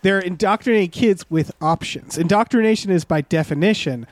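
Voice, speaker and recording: A man with a fairly high voice rants about a movie on a podcast, exasperated and sweary, tumbling over his own restarts. His voice is recorded close and dry, with no room sound at all. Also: no echo. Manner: exasperated, sweary, talks in fast bursts with restarts. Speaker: podcast co-host. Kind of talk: casual movie review chat.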